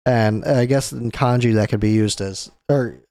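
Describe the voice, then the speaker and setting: A man's voice: mid-range voice, normal speed, warm tone. Young man recapping casually. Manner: casual, chuckling, loose phrasing. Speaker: host. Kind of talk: casual comic chapter recap.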